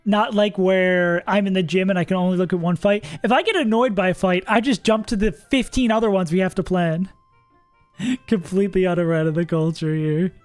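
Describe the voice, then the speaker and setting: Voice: mid-range voice, fairly even intonation, normal speed, dry recording, soft background music. A streamer casually talking through a game live, thinking aloud, laughing often and swearing now and then. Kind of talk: casual livestream commentary while playing.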